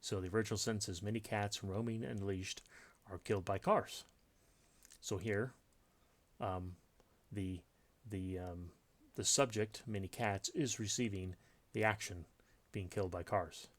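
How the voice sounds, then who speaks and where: Man, writing teacher, low voice, unscripted explanation, frequent uhs and restarts. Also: steady tone, measured pace, pauses often. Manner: unscripted, thinking aloud with many fillers and restarts. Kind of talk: explaining grammar in a recorded lesson.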